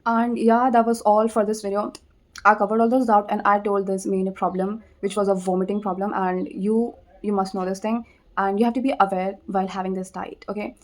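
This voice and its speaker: A woman's voice: medium pitch, flat delivery. Indian woman, chatty and repetitive. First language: Hindi. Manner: repetitive, conversational, frequent tag "okay?", pauses to think. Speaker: vlogger. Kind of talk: casual advice vlog.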